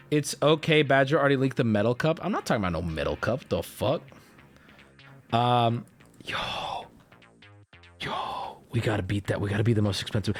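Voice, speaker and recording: A man hosting a livestream, chatting casually with his viewers in a rambling, profane way. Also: medium pitch. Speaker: streamer host.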